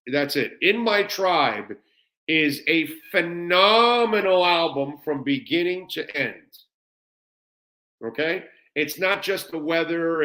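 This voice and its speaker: A middle-aged American man hosting a live show in an easy, offhand way. He gushes with enthusiasm and rambles through answers to viewer comments, stumbling over fillers and repeating himself. His voice sits at an ordinary middle pitch for a man. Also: pushed and bright. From United States. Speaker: sports radio host.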